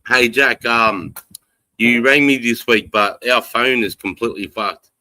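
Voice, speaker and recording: A man's voice: medium pitch, unhurried, sharp tone, no room sound, low-quality recording. An Australian man hosting a casual live stream, rambling, swearing freely and reading out chat comments. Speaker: livestream host. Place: home in the countryside.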